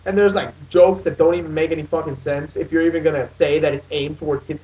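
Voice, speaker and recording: A man's voice: fairly high pitch, fairly even intonation, fast talker, a little mellow, a little hiss or hum. A young man in his late teens ranting in a casual movie review, swearing often and restarting his sentences. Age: young adult. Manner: profane, exasperated, rambling with many restarts. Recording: dull lo-fi sound, distant from mic.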